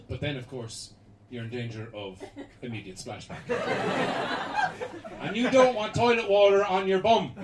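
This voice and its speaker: An Irish man doing a live stand-up set in a small club, bursting into loud acted-out voices. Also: on the high side, normal speed, noisy background. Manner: animated, acts out characters in loud bursts. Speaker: stand-up comedian. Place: small basement comedy club. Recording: roomy live club recording from far off, loud crowd laughter.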